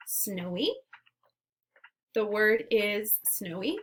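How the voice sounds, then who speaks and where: A woman teacher leading a phonemic awareness lesson, saying words and sounds slowly and clearly, with short words of encouragement between drills. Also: mid-range voice, animated, fairly bright tone. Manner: slow, clearly enunciated drills.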